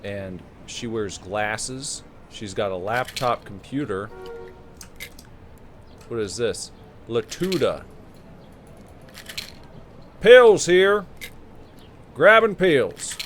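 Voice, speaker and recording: A man giving game playthrough commentary, slowly musing over what he sees on screen with plenty of fillers and restarts. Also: fairly low pitch, a little hiss or hum. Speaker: gameplay commentator.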